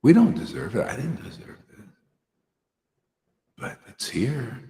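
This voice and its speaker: A man's voice: mid-range voice, wildly swooping pitch, unhurried, mellow. Earnest man preaching casually in a roomy hall. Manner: casual, earnest, slangy, with frequent "you know" and "man". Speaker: spiritual teacher. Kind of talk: informal devotional talk to a small group.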